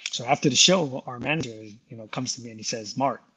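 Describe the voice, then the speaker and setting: A man's voice: mid-range voice, fast talker, pushed and bright. A man, a guest musician, telling stories in a casual interview, rambling with many fillers and frequent laughs.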